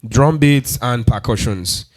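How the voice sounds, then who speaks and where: Taking it slowly in a medium-pitched voice, a man leads a keyboard tutorial, counting beats aloud and patiently repeating steps. Keyboard instrument sounds can be heard behind him.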